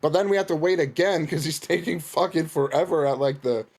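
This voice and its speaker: A man's voice: fairly high pitch, fairly quick, a little mellow. A man chatting on a podcast, spinning a long story at an easy pace. He swears freely and keeps breaking into laughter while he talks. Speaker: podcast co-host. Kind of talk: casual storytelling chat.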